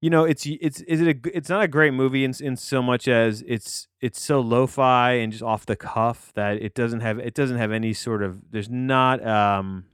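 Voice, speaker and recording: A man hosts a solo podcast, reviewing a movie in a rambling, digressive way, often restarting sentences and swearing casually. His mid-range voice is clear and resonant, with fairly even intonation, a moderate pace and hardly any pauses. He sits close to the mic, and the studio-quality recording has no room sound.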